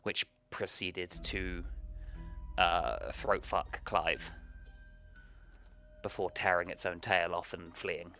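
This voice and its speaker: Game master, male, very low voice, laid-back rambling recap, soft music bed underneath. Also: steady tone, slow, pauses often. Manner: casual, loose recap with restarts and swearing. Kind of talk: recapping and running a tabletop game.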